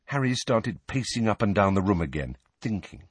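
A man narrating an audiobook with an expressive, storytelling delivery. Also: on the low side, moderate pace, few pauses, husky, dry recording. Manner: expressive, lively reading. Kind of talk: scripted narration.

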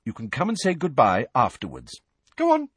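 A man's voice: medium pitch, wildly swooping pitch, moderate pace, breathy edge, dry recording, voice pushed up. A man voicing a stern, protective middle-aged witch mother, in an audiobook reading. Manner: scolding.

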